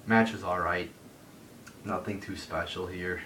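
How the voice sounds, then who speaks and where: A man's voice: steady tone, unhurried, pushed and bright, recorded from a distance. A man ranting in a solo wrestling review into a phone, profane and rambling with lots of fillers. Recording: roomy echo from off-mic with faint rumble.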